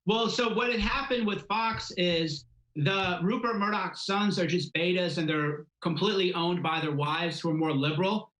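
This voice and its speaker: Blunt, assertive male guest with a high, bright voice, in a roomy echo. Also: normal speed. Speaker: guest commentator. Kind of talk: political commentary.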